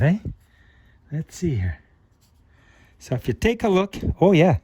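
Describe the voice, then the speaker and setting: A middle-aged man hosting a car repair channel, thinking aloud in an unhurried way while he works on a part at his bench. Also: on the high side, big pitch swings, noisy background. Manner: talks with a flashlight in his mouth at times. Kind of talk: hands-on repair demonstration.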